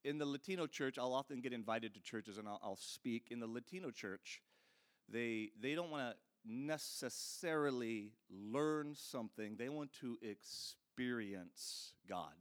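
A man's voice: mid-range voice, a little slow. A man preaching a sermon in a conversational, storytelling way, speaking straight to his listeners. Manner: earnest, conversational, addresses the audience directly.

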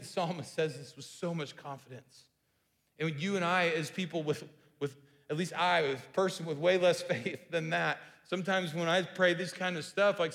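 Man, pastor, conversational sermon, slightly high voice, frequent restarts, long hall reverb. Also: gravelly, fairly bright tone. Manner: conversational, repeats words and restarts often.

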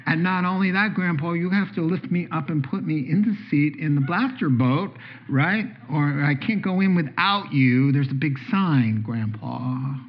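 A man's voice: on the high side, moderate pace. A man voicing an eager, needy four-year-old boy in a sermon. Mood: pleading. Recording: dull lo-fi sound.

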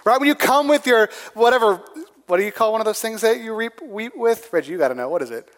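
A man's voice: high-pitched, animated, fast talker, in a large hall. A man preaching a sermon in a conversational way, often asking "right?" to a room with people present. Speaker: pastor.

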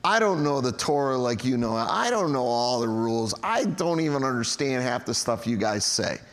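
A man's voice: mid-range voice, expressive, moderate pace, pitched below the performer's own voice, natural voice. A man voicing a healed former blind man who speaks bluntly and folksy, in a reverberant hall. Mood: plainspoken.

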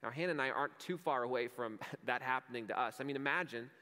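Man, pastor, sermon, earnest storytelling, medium pitch, long hall reverb. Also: fast talker, bright, forceful tone. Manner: earnest, conversational preaching with vivid stories.

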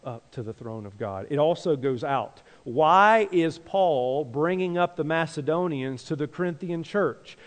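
A man preaches in a church, his voice sitting a little higher than most men's. He talks conversationally and keeps turning to the congregation with questions and call-and-response lines. His words ring out with the long reverb of a large sanctuary. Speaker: pastor. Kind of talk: sermon.

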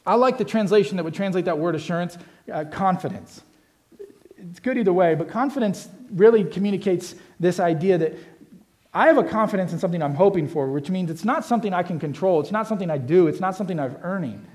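A man's voice: high voice, expressive, fast talker, a little mellow. A middle-aged man preaching a sermon, earnest and conversational, often restarting his phrases. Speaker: pastor.

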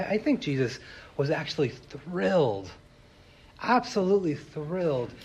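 A man's voice: mid-range voice, slightly rough. A man preaching a sermon, retelling a story in a casual, chatty way with many fillers. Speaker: pastor.

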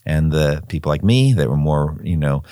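Older man, very low voice, dry close sound, thoughtful, rambling Bible talk, repeats words. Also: animated, normal speed, mellow, no echo. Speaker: Bible teacher, former missionary. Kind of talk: conversational Bible study discussion.

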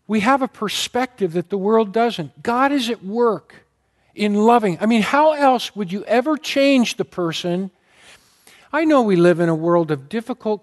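This sermon comes from a pastor with a fairly high voice who recounts stories earnestly and emotionally, getting choked up at moments. His congregation hears his delivery lift and fall as he emphasizes key words.

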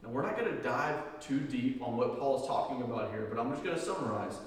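A male pastor giving a sermon, reading scripture slowly and with emphasis, then explaining it in relaxed, conversational asides. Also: mid-range voice. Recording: echoey hall, picked up from a distance.

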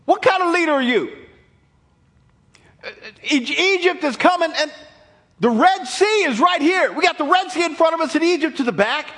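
A man playing a panicked crowd of Israelites shouting accusations at their leader. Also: very high voice, lively intonation, moderate pace, pitched above the performer's own voice, exaggerated voice.

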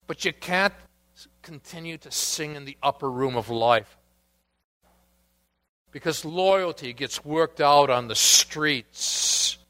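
A male pastor delivers a sermon at an unhurried, measured pace. His voice is fairly high and bright, with emphatic swells on key words and quiet asides in between. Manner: slow, deliberate preaching with emphatic rises and quiet asides; reads scripture quotes aloud with emphasis.

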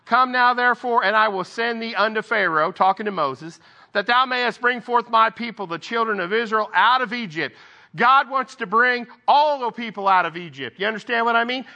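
A man's voice: very high voice, pushed and bright, lo-fi sound. A man giving an informal Bible devotional, reading scripture aloud and breaking off for conversational asides. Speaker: lay preacher.

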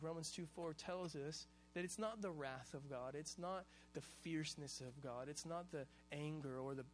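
A man from Hawaii preaching a sermon in a casual, animated, conversational way, full of slang. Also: on the high side. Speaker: pastor.

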